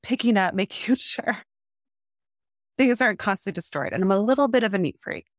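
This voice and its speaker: A woman's voice: medium pitch, lively intonation, a little fast, no echo, clean studio sound. A young woman, a mother of two small children, talking candidly and a bit rambling on a coaching call. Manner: candid, rambling, acts out her kids' lines. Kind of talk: casual coaching conversation.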